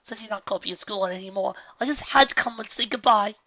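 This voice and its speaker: Man voicing an eager shouting colt in a storybook, bright tone, slightly dull lo-fi. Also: high voice, fast, pitched above the performer's own voice. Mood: excited. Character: loud excited young colt, breathless from running.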